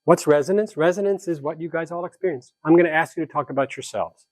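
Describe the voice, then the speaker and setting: A man speaking as a conflict mediator at a seminar, telling a story with animated energy and acting out the people in it. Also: a little high, fast, dry recording. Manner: animated, acts out quoted dialogue in the story. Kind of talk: storytelling lecture to a live group.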